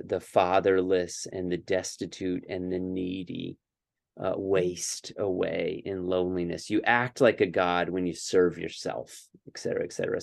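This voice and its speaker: A man's voice: low voice, gravelly, no room sound, clean studio sound. A man co-hosting a casual scripture discussion, earnest and thinking aloud with many fillers and restarts. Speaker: podcast co-host.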